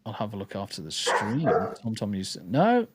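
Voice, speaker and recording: A man's voice: fairly low pitch, huge pitch swings, moderate pace, very noisy. A man hosting a casual podcast, reading the live chat and ranting bluntly with plenty of swearing. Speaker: podcast host.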